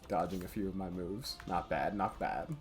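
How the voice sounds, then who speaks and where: Man, casual game commentary, hype, low voice, faint game music. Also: fairly even intonation, moderate pace. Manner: casual, hype, talks to viewers as boys. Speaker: let's play host. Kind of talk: game commentary and reading aloud.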